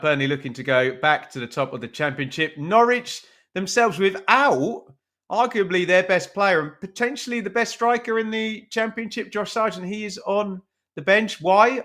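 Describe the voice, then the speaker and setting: A man's voice: fairly high pitch, pushed and bright. A man hosting a live football watch-along stream from his room at home, chatting casually with viewers and poking fun at himself. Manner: chatty, self-mocking, reads out viewer names. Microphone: webcam stream at his computer.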